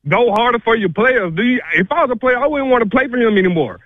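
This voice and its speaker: A man's voice: extremely high pitch, expressive, no room sound. A man calling in to a radio show, out of breath and ranting furiously. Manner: livid, rapid ranting. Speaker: caller. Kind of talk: call-in rant. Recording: tinny phone line.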